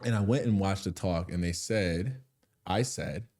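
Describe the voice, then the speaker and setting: A man hosting a podcast in casual chat, an animated storyteller who drops quiet and heavy, then turns loud and laughing, thinking aloud with restarts. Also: deep voice, measured pace. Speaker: podcast host.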